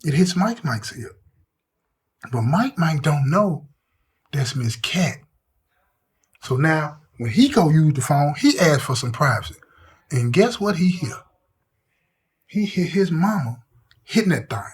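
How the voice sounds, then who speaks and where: Animated storytelling man with speech. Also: on the high side, unhurried, pauses often. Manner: animated, acts out quotes with shifting voice. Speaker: storyteller host. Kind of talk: casual prison storytelling.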